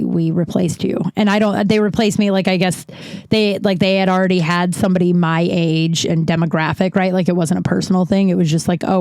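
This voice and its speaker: A woman's voice: fairly low pitch, creaky, darkish tone, no echo. Rambly sweary woman on her podcast, dry close mic, just venting. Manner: rambling, profane, self-deprecating. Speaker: podcast host. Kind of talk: casual solo podcast monologue.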